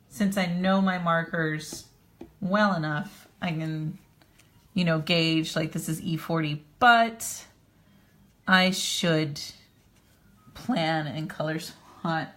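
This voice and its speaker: A woman's voice: low-pitched, a bit bright. A woman casually chatting on a live stream about her coloring, thinking aloud as she works in a small home studio, picked up on a phone. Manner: unhurried, thinking aloud while working.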